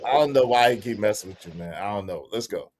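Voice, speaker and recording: A man's voice: fairly low pitch, lively intonation, fast talker, crowd noise. A man hosting a casual livestream, reacting to clips, laughing and thanking viewers by name. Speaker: livestream host.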